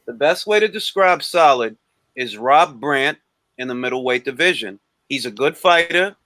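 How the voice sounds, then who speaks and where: A man co-hosting a casual boxing talk livestream, animated and repeating himself for emphasis. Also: mid-range voice, moderate pace, no echo. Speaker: boxing show co-host.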